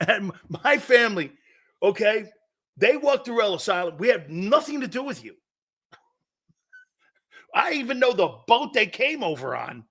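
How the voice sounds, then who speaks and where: Middle-aged guy on a sports talk show, lively up-and-down voice, bright tone, keeps cracking himself up. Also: high voice, measured pace, long pauses. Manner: laughs often mid-sentence, rhetorical questions to the crew. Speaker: sports radio host.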